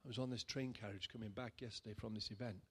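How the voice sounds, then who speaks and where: A man, a pastor, telling a personal story in a sermon in a chatty way that builds to loud, emphatic bursts. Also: on the low side, steady tone, quick pace, husky. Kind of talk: sermon testimony.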